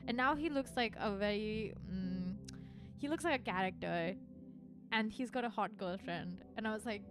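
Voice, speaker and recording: A young woman streamer with a slightly high voice chats casually with her viewers. She rambles along, filling her sentences with "like" as she goes. Music plays clearly underneath her voice. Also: brisk. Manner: rambling, chatty, full of "like" fillers. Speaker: virtual streamer.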